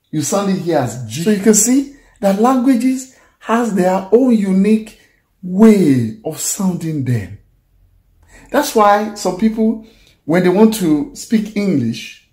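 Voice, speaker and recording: Slow, animated man teaching. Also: high voice, roomy sound. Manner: patient and repetitive, coaxing the viewer, chuckles often. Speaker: language teacher. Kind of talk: casual video lesson, drilling letter sounds.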